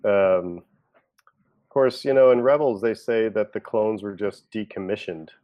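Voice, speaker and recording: Low voiced guy chatting on a podcast, lots of ums and you knows. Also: unhurried, highs cut off. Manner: chatty, fillers, musing aloud. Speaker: podcast co-host. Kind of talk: casual chat.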